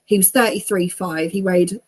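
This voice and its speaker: A woman's voice: lowish voice, steady tone, moderate pace, husky. A woman in her thirties, an interview guest telling her own story in a chatty way. She laughs often and acts out what people said. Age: 30s.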